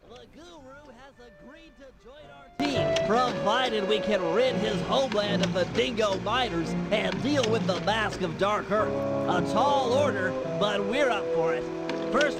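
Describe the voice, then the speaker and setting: A brainy turtle mastermind explains the plan in a very high, precise voice. Each step comes out earnest and orderly, like a game mission briefing. Loud music plays under him. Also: male voice, full character voice. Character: brainy male turtle planner narrating a heist briefing. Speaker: game character.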